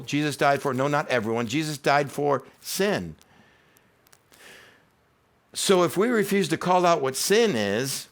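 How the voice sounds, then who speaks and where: A male pastor preaches in a loose, chatty way, mixing jokes into his teaching. His pitch moves a lot, climbing and falling as he makes his points. The pitch itself sits in a middle range. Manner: animated, conversational preaching with humor. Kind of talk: sermon. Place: church.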